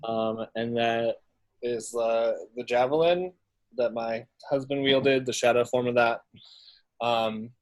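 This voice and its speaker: Cheerful player, chatty, middle pitch, describing a turn. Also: steady tone, slow pace, a little mellow. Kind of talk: tabletop game chat.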